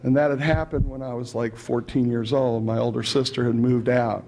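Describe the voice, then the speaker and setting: A man's voice: mid-range voice, steady tone, normal speed, vocal fry, a little mellow. A man telling his recovery story at a meeting in a chatty, humorous way, often adding "you know" and chuckling. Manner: chatty, fills with "you know" and "right", chuckles between lines.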